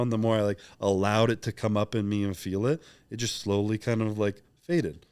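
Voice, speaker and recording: A man's voice: fairly low pitch, brisk, darkish tone, clear, resonant tone, dry recording. A young man talking openly and reflectively as a podcast guest, rambling with many fillers in casual interview chat.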